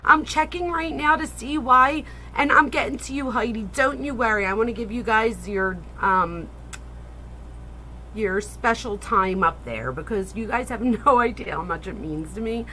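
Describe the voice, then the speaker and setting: A woman in her forties hosting a casual livestream, excitable and gushing, swearing freely as she chats with viewers. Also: fairly high pitch, moderate pace, slight background noise, rough recording. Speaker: livestream host.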